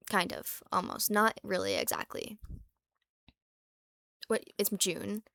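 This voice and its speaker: A woman's voice: mid-range voice, sing-song, slow pace, gravelly, bright, forceful tone, no echo. A young woman vlogging in casual chat, rambling and candid, with lots of fillers and restarts, swearing freely and sometimes dropping to a whisper for asides.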